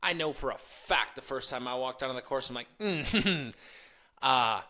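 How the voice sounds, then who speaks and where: Bright-voiced motivational man. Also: medium pitch, fast. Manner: energetic storytelling, laughs while telling stories; shifts between hushed and loud emphasis. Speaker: podcast host. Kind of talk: motivational talk.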